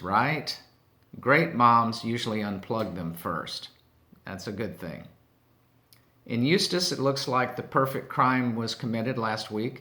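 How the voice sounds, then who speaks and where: A man with a middle-pitched voice telling one corny joke after another. He delivers them deadpan and lets each punchline trail off softly.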